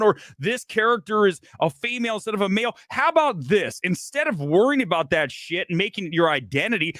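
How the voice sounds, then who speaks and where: A man's voice: high-pitched, fairly bright tone, dry recording, clean studio sound. A man hosting a movie news show, ranting with profanity and sarcasm in casual commentary.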